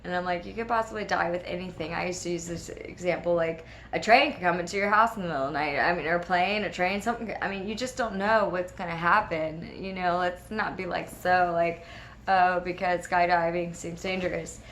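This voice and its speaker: A woman, a regular host of a spiritual video series, telling a personal story in casual, animated talk and acting out the voices of the people in it. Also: fairly low pitch, brisk, few pauses, a little hiss or hum. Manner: animated, laughing often, acts out quoted voices.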